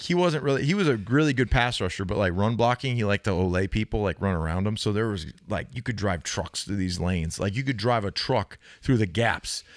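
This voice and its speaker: A man in his thirties spins loose, profane locker-room stories on a podcast, his voice low-pitched and slightly hoarse. The sound is close and dry, with no room echo. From United States. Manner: animated storyteller, loose and profane. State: slightly hoarse, says he can't speak well. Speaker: podcast co-host, former linebacker. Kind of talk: casual storytelling chat.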